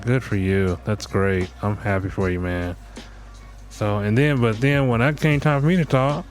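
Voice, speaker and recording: A man's voice: on the low side, moderate pace. Blunt man ranting over music. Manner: blunt, profane, acts out quoted voices. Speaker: podcast host. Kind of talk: solo comedic rant.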